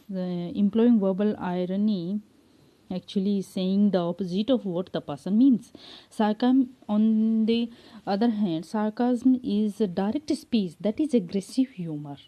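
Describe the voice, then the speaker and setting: A woman with an Indian English accent, a lecturer, explaining literary terms to a class in an unhurried way with frequent fillers. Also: medium pitch, mellow.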